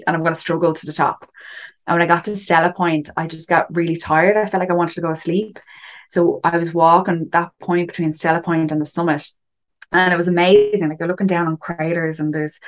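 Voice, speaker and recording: A woman telling a story in a casual chat, full of fillers and asides. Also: sits low. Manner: chatty, frequent fillers and "do you know". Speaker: guest recounting a climb.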